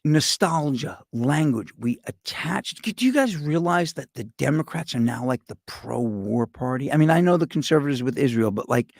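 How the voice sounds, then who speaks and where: A man's voice: medium pitch, animated, normal speed, gravelly, hardly any pauses, dry recording, studio quality. A middle-aged man, hosting a show with a rambling, profane, sarcastic comedic rant. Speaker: podcast host.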